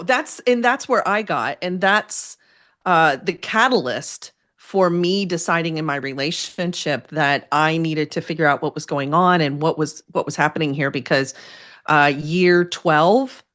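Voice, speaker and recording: Give me a middle-aged woman guest talking candidly in an interview, a bit low, emotional and self-deprecating. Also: moderate pace, a bit bright. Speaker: guest, therapist and first responder spouse.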